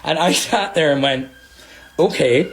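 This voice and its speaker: A man telling a story about a chaotic shift at work in a casual, animated way. He laughs often and acts out the other people's lines. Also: on the high side, measured pace, a little hiss or hum. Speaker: storyteller recounting a work incident.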